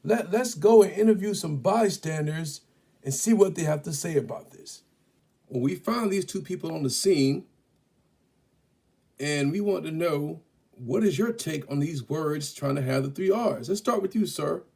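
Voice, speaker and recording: A man's voice: fairly high pitch, expressive, moderate pace, vocal fry, mellow, husky, heavily acted. A man playing an eager TV field reporter in a classroom skit, with mock-urgent delivery.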